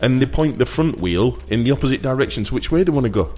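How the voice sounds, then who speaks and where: A man's voice: medium pitch, fast, soft background music. A man co-hosting a casual podcast chat, teasing and joking. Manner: jokey, teasing, animated, does silly voices. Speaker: podcast co-host.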